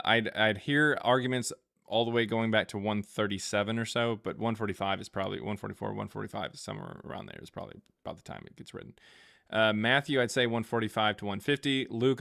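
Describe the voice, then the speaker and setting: A man hosting a live stream, reading viewer questions aloud and answering in a halting, think-aloud way with many fillers and restarts. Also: on the low side, fairly even intonation, vocal fry, a bit bright, no room sound, clean studio sound.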